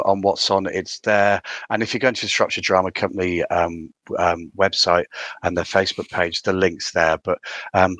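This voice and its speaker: A man's voice: low voice, a bit bright, no room sound. A man from North East England, a theatre director chatting eagerly in an interview, with many restarts. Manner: enthusiastic, rambling with restarts. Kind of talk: casual interview chat.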